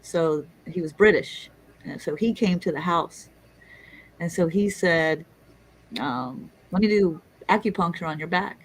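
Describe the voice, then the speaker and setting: A middle-aged woman telling a story in casual chat, lively and swearing, acting out the people she quotes. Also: lowish voice, measured pace, rough recording. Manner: animated, swearing, acts out quotes. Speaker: guest storyteller.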